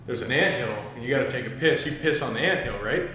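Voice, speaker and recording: A man hosting a casual talk show, relaxed and joking. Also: medium pitch, fast. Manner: relaxed, joking, laughs often. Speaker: show host. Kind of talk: casual chat. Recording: echoey room from far off, faint noise.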